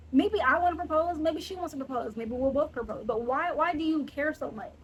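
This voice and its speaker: A woman's voice: sits high, slight background noise, poor audio. A young adult woman hosting a casual solo podcast, talking in a blunt, sassy and playfully indignant way. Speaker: podcast host.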